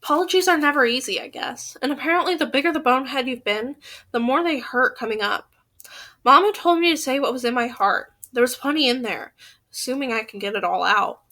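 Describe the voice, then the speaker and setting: A woman's voice: high-pitched, a little fast, pushed and bright. A woman reading a novel aloud who trips over words now and then and laughs at her own slips. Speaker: audiobook reader.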